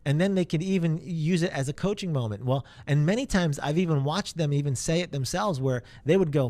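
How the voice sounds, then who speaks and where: A man's voice: on the high side, a little fast, hardly any pauses, a little mellow. A man giving an informal sales training talk in a rambling, conversational way, full of fillers.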